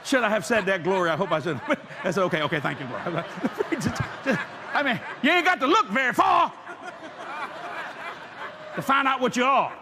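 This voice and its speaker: Very high-voiced preacher, animated. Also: male voice, normal speed, background noise. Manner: animated, joking, bursts into shouted emphasis. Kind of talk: sermon with storytelling.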